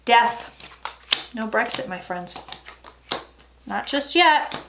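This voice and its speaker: A woman psychic talking through a tarot reading in a chatty, dramatic way, with sudden loud asides. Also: fairly high pitch, lively intonation, very slow, vocal fry, noisy background. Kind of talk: casual tarot reading vlog.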